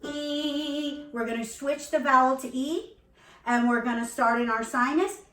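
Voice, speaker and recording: Her voice is high and fairly bright, and she keeps a measured pace while faint music plays in the background. As a vocal coach, she walks a beginner through singing, cheering them on and demonstrating sounds with a soft keyboard behind her, all captured at a distance in an echoey space.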